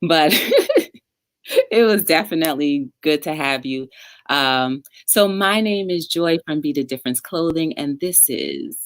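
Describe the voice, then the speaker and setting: A woman hosting a casual online interview show, speaking in an encouraging, unhurried way with plenty of "um"s. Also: low-pitched, expressive, no echo, studio quality. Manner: encouraging, filler-heavy, drawn-out phrasing. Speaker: talk show host.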